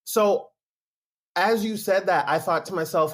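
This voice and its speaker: Chatty male author guest, slightly raised pitch, casual thinking-aloud delivery. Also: unhurried. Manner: talks things through, leans on "like" and "right?". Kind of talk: casual chat.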